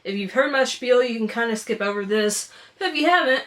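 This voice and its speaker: A woman's voice: fairly high pitch, fairly quick, fairly bright tone. Chatty, playful woman with a raised voice. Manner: chatty, playful, self-teasing. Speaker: book subscription vlogger. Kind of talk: casual unboxing vlog.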